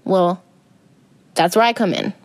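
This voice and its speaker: A woman's voice: on the low side, a little slow, no room sound. A young adult woman hosting a podcast, talking casually about self-help and spirituality in a rambling way with many fillers. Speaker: podcast host.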